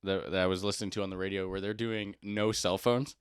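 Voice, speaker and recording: Young man, lowish voice, dry close recording, relaxed, matter-of-fact. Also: quick pace, clean tone, no echo. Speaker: podcast co-host. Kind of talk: casual chat.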